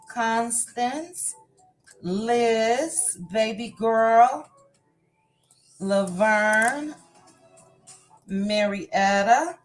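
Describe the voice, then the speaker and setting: A woman hosting a live chat show runs through a long list of viewer names in a slow, unhurried, casual way. Faint music plays softly behind her voice. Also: fairly high pitch. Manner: reads viewer names in a warm, chatty run of hellos. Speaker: livestream host. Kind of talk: casual livestream greetings. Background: faint background music.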